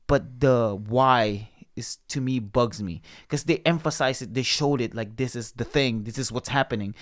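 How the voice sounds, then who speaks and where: A man's voice: mid-range voice, moderate pace, dry recording, clean studio sound. A man co-hosting a podcast, reviewing a movie in casual chat, blunt and opinionated with plenty of fillers. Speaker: podcast co-host.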